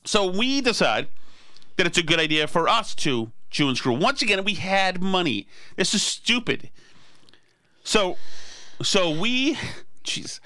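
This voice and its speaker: Animated, bright-voiced middle-aged man. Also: sits high, measured pace, no room sound. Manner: rambling, self-deprecating, animated. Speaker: podcast host. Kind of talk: casual storytelling chat.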